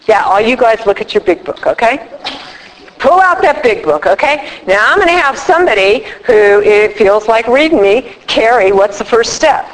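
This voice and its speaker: A middle-aged woman giving a recovery workshop talk, an animated storyteller who acts out both sides of her conversations. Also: on the high side, moderate pace. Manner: animated storyteller acting out dialogue. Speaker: workshop speaker. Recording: reverberant hall.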